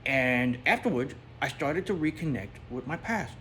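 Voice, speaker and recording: A man's voice: mid-range voice, expressive, normal speed, pushed and bright, a little hiss or hum. A man voicing a chatty New toy pup. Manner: rambling, repeats words, laughs at own jokes. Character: chatty male toy dog, jokey and rambling. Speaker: storyteller host. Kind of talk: comic storytelling monologue.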